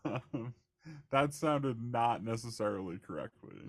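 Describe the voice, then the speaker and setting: A man's voice: mid-range voice, expressive, a little slow, no echo, clean studio sound. A young man co-hosting a casual movie podcast, laughing often and tossing out playful questions. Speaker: podcast co-host.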